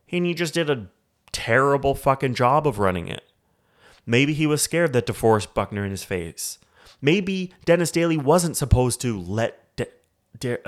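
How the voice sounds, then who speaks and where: A man from Canada hosting a solo sports podcast, ranting in a heated, profane way about football. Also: mid-range voice. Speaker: podcast host.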